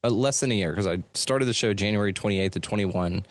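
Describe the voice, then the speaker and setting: A middle-aged man with a lowish, brisk voice chats casually about his life as a podcast host. Being interviewed in a treated home studio, he tells stories loosely and profanely, with plenty of filler words.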